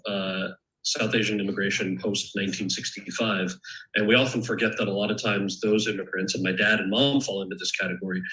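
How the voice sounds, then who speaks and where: Guest author, male, bright forceful tone, candid and thoughtful, moves from memoir reading to Q&A, keeps restarting sentences. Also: lowish voice, low-quality recording. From United States. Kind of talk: reading from his memoir, then answering questions. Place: event stage or panel, indoors.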